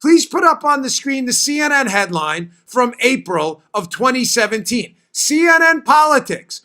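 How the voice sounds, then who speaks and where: A man hosts a political talk show in a high, bright voice. He hammers his points home, often saying a line twice for stress. Quick asides break into his delivery. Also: animated.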